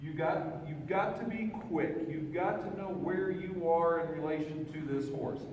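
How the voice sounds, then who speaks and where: A man demonstrating horse groundwork in an outdoor round pen, talking in a relaxed, folksy way and chatting to the horse, picked up from far off. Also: a little high, unhurried, very echoey, long reverb tail, slight background noise. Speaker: horse trainer. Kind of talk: instructional demonstration.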